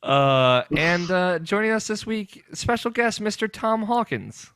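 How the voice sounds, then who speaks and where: Young guy hosting a podcast, bit gravelly, dry close sound, chatty and laughy with lots of ums. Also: high voice, animated, unhurried, fairly bright tone, dry recording. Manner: laughing, rambling with fillers. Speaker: podcast host. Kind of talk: casual group podcast chat.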